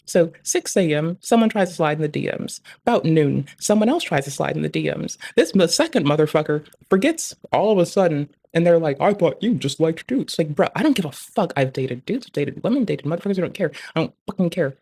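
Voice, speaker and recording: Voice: medium pitch, animated, fast talker, creaky, hardly any pauses, darkish tone. Profane rambling streamer rant. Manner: profane, rambling, heavy swearing; frequent filler "like" and "bruh". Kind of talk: casual venting rant.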